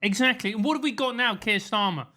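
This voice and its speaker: A man's voice: high voice, fast talker, sharp tone. Rambling, giggly male podcast co-host. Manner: rambling, laughs often. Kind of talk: casual comedic chat.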